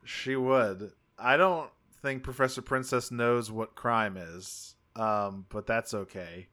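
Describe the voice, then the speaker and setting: Bright-voiced man recapping a cartoon. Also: medium pitch, slow pace. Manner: rambling, self-correcting, swears casually. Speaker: podcast co-host. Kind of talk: casual chat recapping a cartoon episode.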